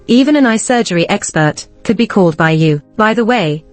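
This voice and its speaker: A woman's voice: medium pitch, animated, brisk, no room sound, soft background music, natural voice. A woman voicing a sarcastic, sneering young female actress in a narrated audio story, with a dry close sound. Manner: sarcastic, taunting.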